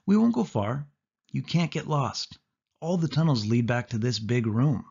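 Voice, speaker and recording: A man's voice: mid-range voice, expressive, normal speed, vocal fry, a little mellow, breathy edge. A man voicing a bossy, teasing young girl cousin in a pushy, sing-song way in a storybook reading. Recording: dull lo-fi audio.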